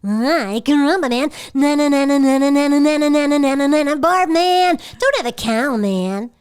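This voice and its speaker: A woman voicing a bratty, cocky cartoon boy in a raspy voice. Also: high-pitched, animated, moderate pace, pitched above the performer's own voice. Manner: raspy, cocky catchphrase delivery. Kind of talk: voice impression.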